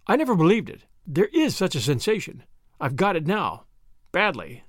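A man's voice: high voice, big pitch swings, moderate pace, dry recording, studio quality. A man voicing an earnest, uneasy young Englishman who speaks in a clipped, anxious way.

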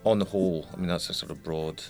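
A man's voice: low voice, fairly even intonation, quick pace, darkish tone, faint music behind. A Scottish man, a songwriter and singer, talking as an interview guest in a thoughtful, rambling way with restarts. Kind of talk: reflective interview talk.

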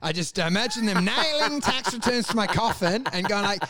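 A man's voice: high-pitched, animated, normal speed, sharp tone, no echo. A man in casual chat, ranting with lots of swearing and acted-out voices. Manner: profane, ranting, acts out voices.

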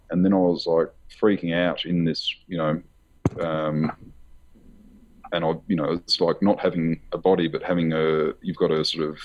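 A man being interviewed about his book, telling a personal story in a halting, rambling way with many fillers and nervous laughs. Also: low-pitched, darkish tone, lo-fi sound. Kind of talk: candid conversational storytelling.

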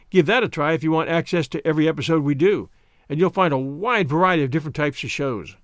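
A man's voice: fairly high pitch, quick pace, no echo, studio quality. A man hosting a podcast, giving a scripted sign-off with thanks to listeners in an upbeat announcer manner. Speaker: podcast host.

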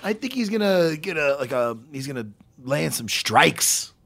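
A man hosting a casual talk show, animated and jokey, swearing freely. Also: on the high side, measured pace, vocal fry. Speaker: podcast host. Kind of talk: casual chat.

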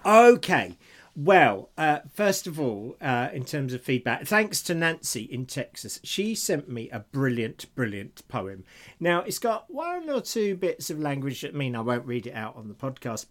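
A man's voice: medium pitch, big pitch swings, measured pace, a bit bright. A middle-aged British man co-hosting a podcast in casual chat, who laughs often and reads listener emails aloud. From Britain. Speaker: podcast co-host.

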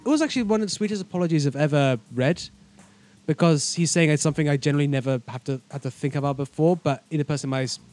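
A man's voice: a little high, racing, darkish tone. A man co-hosting a casual podcast chat, blunt and sarcastic, swearing freely. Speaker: podcast co-host.

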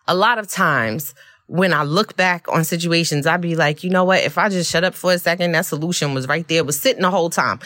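A woman hosting a podcast, telling a personal story in a candid, expressive way and often laughing. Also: low voice, no echo, clean studio sound. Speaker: podcast host.

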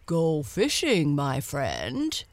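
Lady reading a polite slow bear, kinda low and earnest, taking his time. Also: wildly swooping pitch, exaggerated voice. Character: simple, polite male bear, slow-witted.

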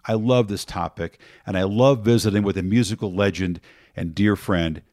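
A man hosting a podcast, reading a measured introduction to the next guest. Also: lowish voice, a little mellow, no echo, clean studio sound. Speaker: podcast host. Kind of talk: scripted introduction.

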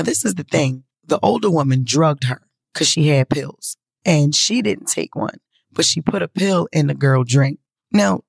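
A woman telling a story to her viewers in a casual, profane, animated way. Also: deep voice, gravelly, husky, no echo.

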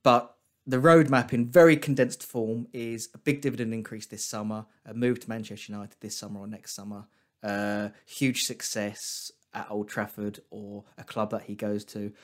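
A man's voice: on the low side, flat delivery, moderate pace. A man, a guest trader on a casual podcast, who talks things through in a chatty, teasing way. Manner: chatty, teasing, thinks aloud with fillers.

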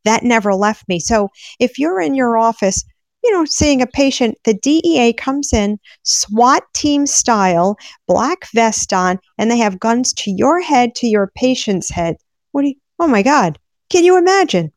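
A woman patient advocate from Rhode Island, speaking with urgency in a live-stream discussion and breaking into quick, animated bursts. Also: fairly high pitch, no room sound.

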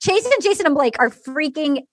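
A woman's voice: sits high, lively intonation, a little fast, slight background noise. A woman co-hosting a casual chat, retelling events with dramatic flair and acted-out quotes. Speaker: podcast co-host. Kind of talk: animated gossipy recap chat.

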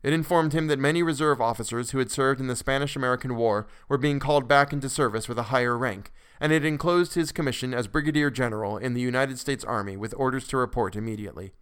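A man narrating a classic story for a podcast in a measured way, with occasional restarts. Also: mid-range voice, fairly bright tone, clear, resonant tone.

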